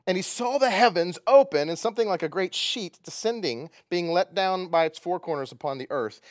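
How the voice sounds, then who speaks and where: A man's voice: fairly high pitch, dry recording, studio quality. A man preaching a casual sermon, retelling a Bible story with jokes and acting out the quoted lines. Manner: animated, joking, acts out quoted lines. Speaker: pastor.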